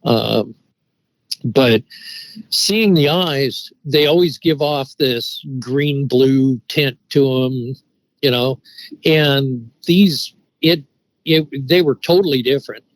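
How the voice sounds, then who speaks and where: A man's voice: medium pitch, slow, dry recording, rough recording. Middle-aged man telling a rambling story. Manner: rambling, with many restarts and "you know" fillers. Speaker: guest telling an encounter story. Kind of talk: casual storytelling.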